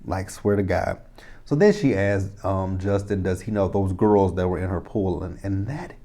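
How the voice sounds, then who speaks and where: A man's voice: sits low, normal speed, dark tone. Profane, rambling man recapping a TV episode. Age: 30s. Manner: rambling, profane, exasperated asides. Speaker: TV episode reviewer. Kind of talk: casual recap and commentary.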